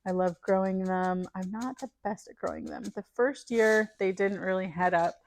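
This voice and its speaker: Speaking in a mid-range voice at a moderate pace, a middle-aged woman plants seeds indoors at home. The gardening vlogger chats casually, thinks aloud, and drops to murmurs while sorting packets.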